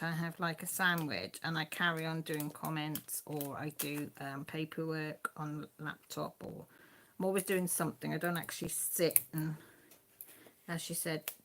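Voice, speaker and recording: This crafting channel host speaks in a deep, fairly bright voice. She rambles in a relaxed live stream from home, talking to both her audience and her dog, with the footage shot on a phone.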